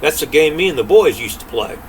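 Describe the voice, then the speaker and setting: Older man doing a big slow-witted old giant. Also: fairly high pitch, expressive, slight background noise, lightly acted, poor audio. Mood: coaxing. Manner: drawling folksy storyteller voice.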